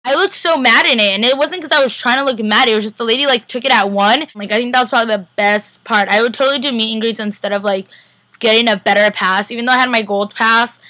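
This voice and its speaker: A young woman vlogging in a casual, chatty recap, pitched a little high and talking quickly. She rambles with constant "like"s and slips into acting out what people said. The sound is dry and close. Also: bright, forceful tone, no room sound. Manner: rambling, heavy use of "like", acts out quotes.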